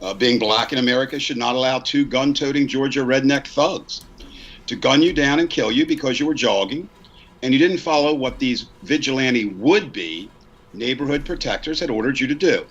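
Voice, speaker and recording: A man's voice: mid-range voice, moderate pace, a bit bright, husky, lo-fi sound. A man in his sixties, a podcast co-host, earnestly reading a prepared statement and repeating lines for emphasis. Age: 60s.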